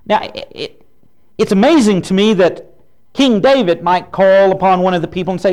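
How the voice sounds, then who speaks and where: A man's voice: sits high, normal speed, darkish tone. A man preaching a folksy, humorous sermon as a pastor.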